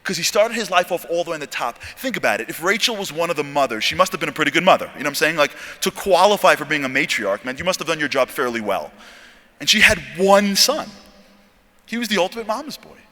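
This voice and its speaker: A man giving a storytelling sermon talk at a convention, animated and jokey, acting out dialogue. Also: on the high side, fast. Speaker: speaker at a convention. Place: large convention hall. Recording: long hall reverb.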